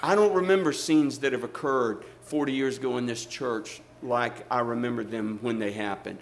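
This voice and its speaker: A man's voice: medium pitch, moderate pace, vocal fry, slight background noise. A middle-aged male pastor, preaching a sermon with emphatic rises and asides to the congregation.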